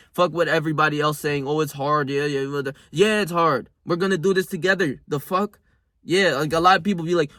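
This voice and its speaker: A man's voice: fairly high pitch, pushed and bright, dry recording, studio quality. A young man vlogging while out walking in his neighborhood, giving a rambling, profane, slang-heavy motivational pep talk to his viewers. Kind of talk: casual motivational vlog.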